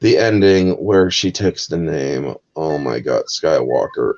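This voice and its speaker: A man's voice: very deep voice, animated, a little slow, a little mellow, dull audio, a little hiss or hum. A man hosting a heated live movie review, ranting with constant swearing. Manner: profane, exasperated ranting. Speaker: host.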